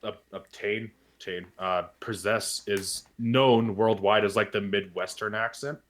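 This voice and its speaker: Canadian man, low voice, casual podcast co-host who over-explains. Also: steady tone, a little slow, fairly bright tone. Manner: explains at length, many restarts. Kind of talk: casual chat.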